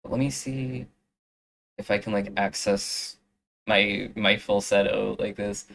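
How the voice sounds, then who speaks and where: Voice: low voice, steady tone, a little slow, creaky, fairly bright tone, a little hiss or hum, poor audio. A young adult streamer chatting casually while drawing live, rambling with lots of fillers and restarts. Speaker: streamer doing art.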